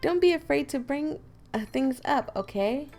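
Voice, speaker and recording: A composed, kindly teen girl who runs a school club speaks in a soft, sweet, slightly raised voice, as a woman plays her. She takes her time, and a light fry colors her words. Faint music sits behind her. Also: high-pitched, lively intonation, moderate pace, voice pushed up. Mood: friendly. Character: poised gentle teen girl, club president. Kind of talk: voice acting a visual novel.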